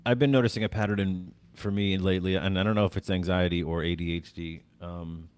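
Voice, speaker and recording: A middle-aged man talking casually, halting with many fillers and restarts. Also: sits low, fairly even intonation, a little mellow, clean tone, no room sound. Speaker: stand-up comedian, podcast guest. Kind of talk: casual conversation.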